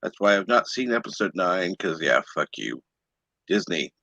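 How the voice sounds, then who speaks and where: Animated, bright-voiced male stream host. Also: low voice, moderate pace, no echo, muffled recording. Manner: joking, irreverent. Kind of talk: casual livestream chat.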